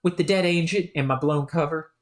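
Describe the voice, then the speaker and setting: A woman voicing a cool, deadpan teenage boy who talks in a flat, laid-back, dry way. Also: low-pitched, a little fast, natural voice.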